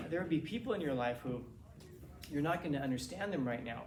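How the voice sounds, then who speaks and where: A man's voice: fairly high pitch, a little fast. Rambling male teacher in an echoey classroom. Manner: rambling, animated storytelling with frequent restarts. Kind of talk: informal classroom lecture. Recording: roomy classroom from a distance, faint hiss.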